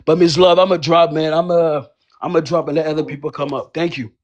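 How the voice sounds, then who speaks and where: A man gives a quick rebuttal in a live online debate, stammering and tossing in "bro" and "man" at every turn. His voice sits a bit high. The audio is dull and lo-fi. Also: fairly even intonation. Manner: fast, stammering, peppers speech with "bro" and "man". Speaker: debate participant.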